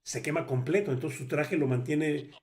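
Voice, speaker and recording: A man's voice: a little high, darkish tone. A male host, retelling a guest's story in a rambling, casual way before handing over the question. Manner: rapid, rambling retelling with fillers.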